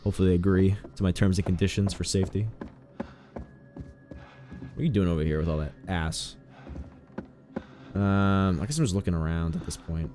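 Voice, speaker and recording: A man's voice: low voice, steady tone, normal speed, long pauses, over music. A man streaming a horror game with casual, sarcastic commentary, joking and swearing freely.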